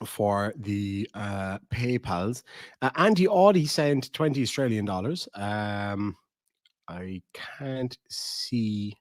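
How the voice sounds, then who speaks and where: A man's voice: mid-range voice, no room sound, studio quality. Irish man, casual swearing host. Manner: relaxed, swears freely, coos baby talk at his dog. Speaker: channel host. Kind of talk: casual livestream chat.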